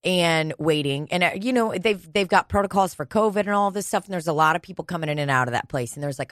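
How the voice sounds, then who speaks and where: A woman's voice: low voice, a bit bright, dry recording. Woman co-host, casual chat, blunt and sweary, dry close sound. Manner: candid, profane storytelling.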